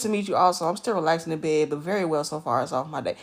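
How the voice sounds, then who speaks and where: A woman streaming live from her bed at home, greeting viewers by name in animated, slangy casual chat. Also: low voice, quick pace, few pauses, breathy edge.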